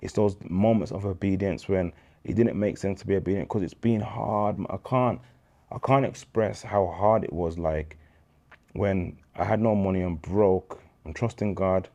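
A man in his thirties with a very low, deep voice. He tells his faith story as an interview guest, in street slang, and acts out the dialogue. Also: normal speed, gravelly, warm tone. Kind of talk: candid faith testimony.

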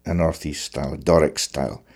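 Male musician, deep and mellow voice, reflective and searching; conversational. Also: steady tone, a little fast. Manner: thoughtful, searching for words. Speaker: fiddler.

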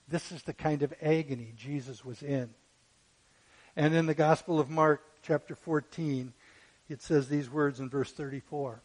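A man preaching a sermon who rises to loud, fervent peaks when quoting scripture and fires off rhetorical questions. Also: a little high, poor audio. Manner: asks rapid rhetorical questions.

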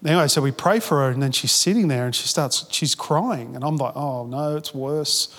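A man's voice: mid-range voice, lively intonation, brisk, fairly bright tone, husky, big-room sound. A man preaching a sermon as a pastor, telling stories in a casual, chatty way with restarts and quoted asides. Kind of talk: sermon storytelling.

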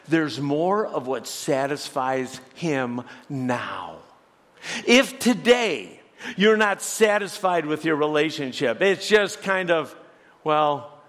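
A man with a high voice preaches at an unhurried, deliberate pace, earnest and emphatic. His questions to the congregation ring out in a church sanctuary with a long reverb trailing behind. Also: fairly bright tone. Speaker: pastor. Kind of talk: sermon.

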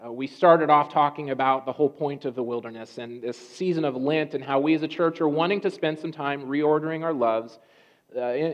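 A man preaching a sermon, telling a story in a conversational way with restarts and pauses. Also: on the high side. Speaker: pastor. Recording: dull lo-fi sound.

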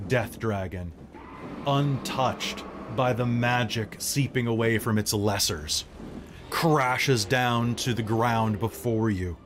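A man's voice: on the low side, noisy background. A man running a live tabletop game as game master, narrating dramatically in short phrases.

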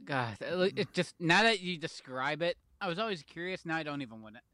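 A man co-hosting a podcast, chatting casually with quick asides and easy laughter. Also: fairly high pitch, lively intonation, pushed and bright, no echo, clean studio sound. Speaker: podcast co-host. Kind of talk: casual chat.

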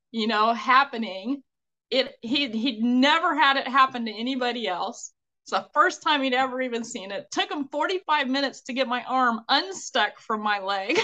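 A woman guest on a podcast, a courage coach, telling stories in a lively, laughing way. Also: sits high. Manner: animated, laughs often while telling stories. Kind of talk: casual storytelling interview.

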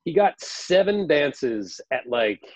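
A man chatting casually on a podcast, telling stories in a rambling way, full of fillers and sudden jumps in pitch. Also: slow pace, no room sound, poor audio. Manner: rambling, filler-heavy, animated storytelling.

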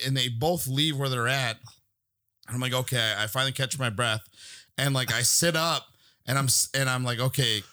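A man's voice: medium pitch, pushed and bright, no echo, studio quality. A man as a podcast guest, telling a rambling, profane story and laughing through it. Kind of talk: casual storytelling.

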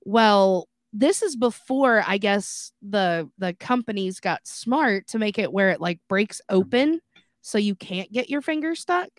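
Animated woman telling a story. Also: mid-range voice, unhurried, dry recording, clean studio sound. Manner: animated, laughing, full of fillers. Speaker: podcast co-host. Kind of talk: casual storytelling.

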